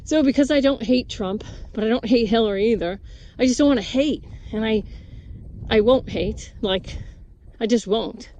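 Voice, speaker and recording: A woman's voice: on the high side, normal speed, warm tone, a little hiss or hum. Rambling chatty woman outdoors. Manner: rambling, chatty, restarts and asides to animals. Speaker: vlogger. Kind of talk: casual storytelling while doing farm chores. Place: outdoors at a farm with goats and chickens.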